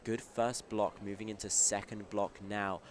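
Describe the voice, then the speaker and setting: A man doing live play-by-play commentary at a competition, quick and upbeat. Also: fairly low pitch, level tone, slight background noise.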